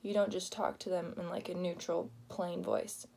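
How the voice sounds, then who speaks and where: A young woman giving an informal class presentation, explaining plainly with pauses and the filler "like". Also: fairly low pitch, flat delivery, gravelly, darkish tone. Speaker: student presenting a project.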